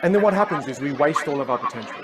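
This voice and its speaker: A man coaching on communication at a live seminar. He acts out inner voices with big jumps in pitch. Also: lively intonation, rapid-fire, over a noisy crowd, heavy background noise.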